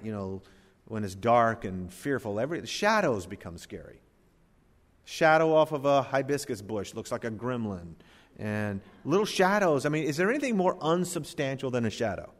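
Preaching man in a reverberant church. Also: mid-range voice. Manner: dynamic preaching, swinging between loud emphatic peaks and soft near-whispers. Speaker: pastor. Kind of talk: sermon. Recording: long hall reverb.

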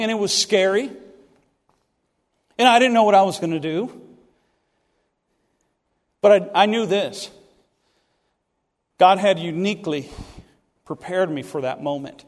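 High-voiced storytelling pastor in a hall. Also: male voice. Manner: animated, self-deprecating, acts out other people's lines. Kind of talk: sermon storytelling. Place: church sanctuary. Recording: long reverb of a church hall.

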